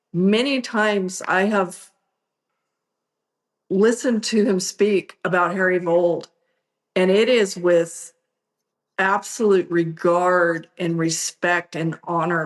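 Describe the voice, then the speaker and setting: A woman's voice: on the low side, drawn-out words, pauses often. A woman co-hosting a podcast in casual interview talk, chatty and admiring, often restarting her sentences. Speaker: podcast co-host.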